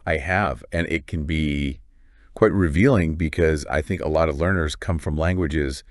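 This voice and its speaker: Guy with a really low voice co-hosting a learning podcast, calm and explainy, dry sound. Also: normal speed, no room sound. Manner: calm, explanatory, steady agreement. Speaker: podcast co-host. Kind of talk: educational podcast chat.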